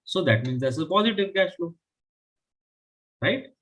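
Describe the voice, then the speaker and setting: A man's voice: fairly high pitch, animated, a little slow, fairly bright tone, rough recording. A man teaching a live online finance class, explaining step by step and often checking with "right?". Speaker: finance instructor.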